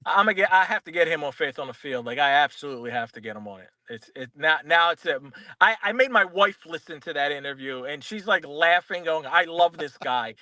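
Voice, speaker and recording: A man talking sports on the radio as a guest writer, calling in from a car, animated and laughing often as he mimics others. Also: a little high, fairly quick, hardly any pauses, no room sound. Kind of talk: casual sports radio chat.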